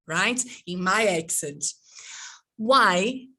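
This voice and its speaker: Slow-paced woman leading a teaching workshop. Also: medium pitch, sing-song, bright, forceful tone, husky. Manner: engaging, checks in with frequent "okay?" and "right?". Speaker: teacher trainer. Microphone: video call.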